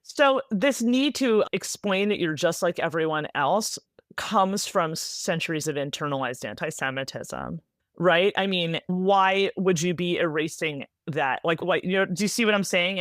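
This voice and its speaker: A woman from the United States, an author being interviewed, speaking rapidly in an animated way with many "like"s and tag questions. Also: lowish voice, no echo, clean studio sound. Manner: animated, rapid, filler-heavy with frequent "like" and "right?". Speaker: author, guest. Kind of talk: conversational interview answers.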